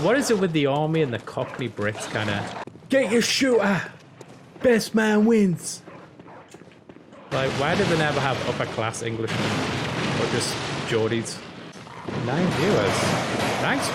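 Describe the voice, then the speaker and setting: A young man chatting casually on a game stream, rambling, joking and swearing. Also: mid-range voice. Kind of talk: casual live-stream chat. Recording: steady background noise.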